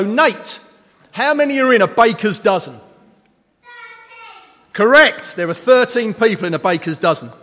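A preacher with a fairly high voice delivers a playful Easter sermon, bantering with his congregation and throwing questions at them. His words ring out through a large church hall with a long, lingering reverb. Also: fairly bright tone.

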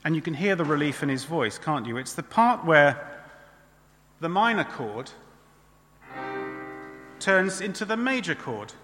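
A man's voice: a little high, very animated, unhurried, long pauses, fairly bright tone, big-room sound, soft background music. A man preaching a sermon in a church in a conversational way, often adding tag questions.

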